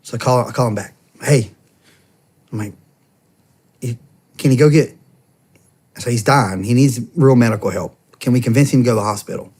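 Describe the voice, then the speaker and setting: A man's voice: mid-range voice, brisk, long pauses, a little mellow, slightly rough. Earnest man recounting a family ordeal. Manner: acts out the quoted speech of others while telling the story; earnest and conversational, with repeated restarts. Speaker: podcast guest, former police officer. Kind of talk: emotional personal storytelling.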